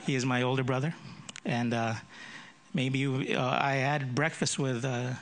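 A man's voice: mid-range voice, fairly even intonation, measured pace, a bit bright. A man in his fifties with a Filipino accent shaped by growing up in America, an associate pastor leading prayer and telling jokes about himself from the pulpit. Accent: Filipino with American influence. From Philippines. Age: 50s. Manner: self-deprecating jokes, repeats words when starting. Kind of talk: sermon with prayer and humorous introduction.

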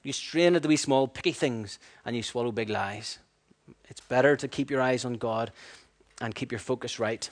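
Guy preaching, lively storyteller, middle-pitched voice, does little voices. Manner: animated storyteller, acts out voices, laughs at his own stories. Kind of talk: sermon.

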